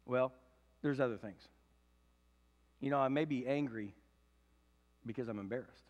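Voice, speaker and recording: A man in his fifties preaching a sermon, swinging from loud emphatic preaching to low confiding tones. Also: moderate pace, long pauses, big-room sound. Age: 50s. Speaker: pastor. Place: church sanctuary.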